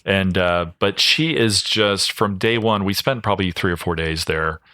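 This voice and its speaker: Man, low-set voice, forceful and bright, easygoing podcast guest spinning anecdotes with lots of "um" and "you know.". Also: moderate pace, dry recording. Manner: rambling anecdotes full of fillers, acting out quoted voices. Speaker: guest, home cleanout business owner. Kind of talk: casual podcast storytelling.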